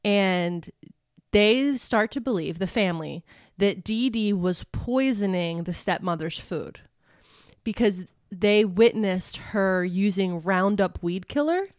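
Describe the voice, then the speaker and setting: A woman's voice: medium pitch, animated, slow pace, no echo, studio quality. A woman co-hosting a podcast, telling a true-crime story in a chatty, casual way with many fillers and laughs. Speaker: podcast co-host.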